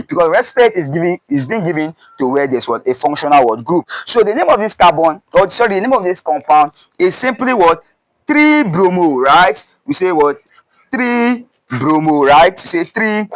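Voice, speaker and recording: A man's voice: a little high, big pitch swings, moderate pace, no room sound, rough recording. A male chemistry teacher with a Nigerian accent, lecturing at a board, repeating terms and prompting with "what" and "right?". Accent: Nigerian English. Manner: repetitive, emphatic drilling of terms.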